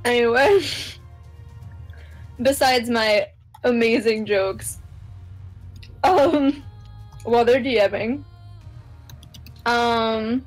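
Slow-talking, laughing woman gamer. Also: a little high, soft background music, low-quality recording. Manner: rambling, laughs often, swears. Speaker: tabletop game player. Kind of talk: casual chat.

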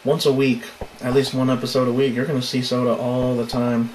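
A man's voice: mid-range voice, little pitch movement, a little fast, darkish tone, slight background noise. A man giving casual gameplay commentary as a let's play host, with crude joking asides. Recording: roomy echo.

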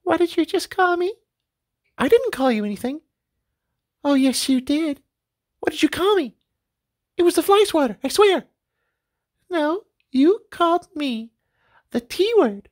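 A woman voicing a group of gossiping 1980s housewives in a high, giggly, prim voice. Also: very animated, unhurried, heavily acted. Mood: squabbling.

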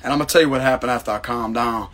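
Man, husky voice, mid-pitched, casual storytelling monologue, emphatic, keeps saying "bro". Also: racing, fairly bright tone. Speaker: astrology channel host.

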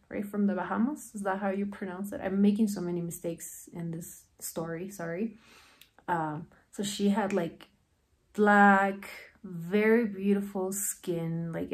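Heartfelt rambling woman, lower voice. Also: a little mellow. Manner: heartfelt, rambling, many fillers like "you know" and "like". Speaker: guest telling her story. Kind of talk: emotional personal storytelling.

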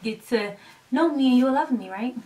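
A woman vlogging to her camera in a casual, animated way, blunt and emphatic with some swearing, rambling as she loses her thread. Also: high voice, moderate pace. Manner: rambling and chatty, losing her train of thought. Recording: voice a little distant from the mic.

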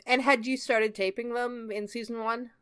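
Relaxed woman leading a podcast recap. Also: a little high, normal speed, clear, resonant tone. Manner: leads the recap, laughs often, relaxed fillers. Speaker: podcast co-host. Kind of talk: casual chat.

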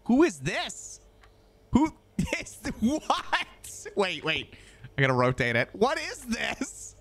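A man's voice: very high voice, wildly swooping pitch, takes it slowly, fairly bright tone, soft background music. A man streaming a video game, chatting casually as he plays, rambling and joking with frequent swearing. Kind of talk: casual gameplay commentary.

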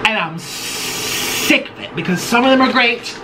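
A man chats his way through a home-kitchen cooking vlog, dramatic, sassy and rambling. His voice sits high and swoops all over the place. Clear background noise runs under the recording. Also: animated, measured pace. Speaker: vlogger host. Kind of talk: casual cooking and eating chat.

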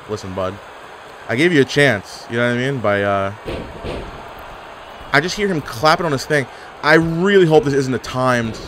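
A young man calls his online wrestling game live, and his pitch swings widely as he reacts. His tone is sarcastic and full of trash talk. There is a faint hum of noise behind him. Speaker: gaming YouTuber. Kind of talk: live gameplay commentary.

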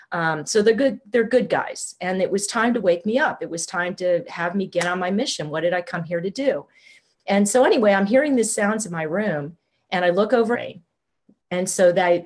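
A woman in her sixties, a podcast guest, telling a personal story and acting out the quoted voices. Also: fairly low pitch. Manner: animated storyteller, acts out quotes. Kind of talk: interview storytelling.

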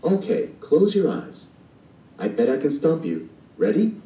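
A man's voice: fairly high pitch, huge pitch swings, measured pace, mellow, roomy sound, recorded from a distance, dull audio, pitched above the performer's own voice. A man voicing a spirited, bossy young girl who is a big sister, in a storybook reading. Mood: playful.

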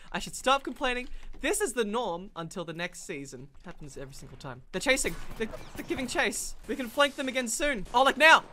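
A woman giving excited, chatty commentary on her own gameplay, with sudden yelps and laughs as the action turns. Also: sits high, a little hiss or hum. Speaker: gaming streamer.

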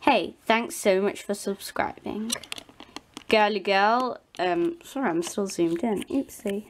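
A woman's voice: medium pitch, slow, a little hiss or hum. A woman with a British accent hosting a doll channel, reading fan messages aloud. She reads hesitantly, stumbles over names and apologises often.

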